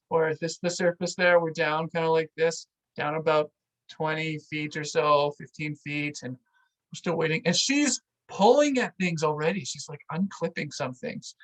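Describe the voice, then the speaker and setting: A vlog host telling a story out loud in a casual, animated way, full of "like"s and acting out what others said. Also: mid-range voice, poor audio. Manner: animated, filler-heavy with many "like"s, acts out what people said.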